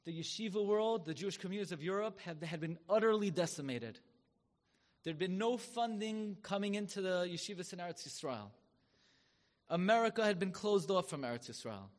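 A man giving a sermon as a story. He talks with drama and turns loud and high when he acts out the people in it. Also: expressive, a little fast. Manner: dramatic, swells loud and high when acting out quoted rabbis. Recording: long hall reverb.

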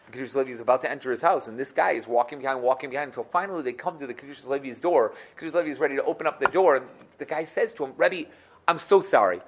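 A man teaching a Torah class, telling a story in a lively way and repeating phrases for emphasis. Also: mid-range voice, very fast, few pauses.

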